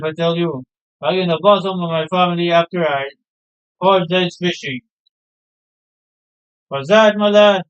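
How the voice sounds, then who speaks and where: A hearty, proud fisherman father from a game, homely and sentimental as he spins his stories, read aloud by a man. The voice sits fairly high and sounds smooth and clear. The recording is dull and lo-fi. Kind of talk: reading game dialogue aloud.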